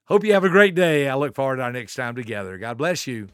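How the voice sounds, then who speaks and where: A man in his seventies hosting a motivational podcast, preaching with emphatic rhetorical questions and swinging between soft asides and booming lines. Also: big pitch swings, fast, clear, resonant tone, no echo, clean studio sound, faint music behind. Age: 70s. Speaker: podcast host and motivational speaker.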